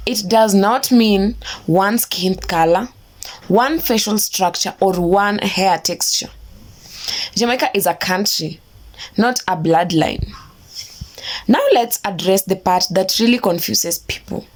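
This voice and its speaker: A woman giving a scripted explainer narration in a measured, emphatic, declarative way. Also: medium pitch, animated.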